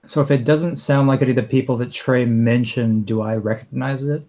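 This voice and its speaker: A man's voice: mid-range voice, fairly even intonation, brisk, mellow, low-quality recording. A man playing a tabletop role-playing game, thinking aloud hesitantly. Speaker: player. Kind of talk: casual chat.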